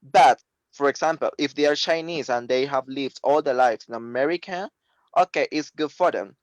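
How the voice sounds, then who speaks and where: A man whose first language is Spanish, talking in a halting way with many fillers in a casual online discussion during a webinar. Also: medium pitch, no room sound, highs cut off. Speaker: webinar participant. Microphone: video call.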